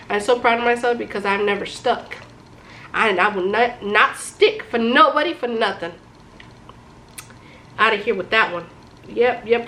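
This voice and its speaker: A young woman talks straight to her viewers, chatty and animated as she shares what life has taught her. Her voice sits in a middle pitch, and a faint ambient hum runs underneath. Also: poor audio. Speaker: vlogger. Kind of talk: casual advice talk to camera.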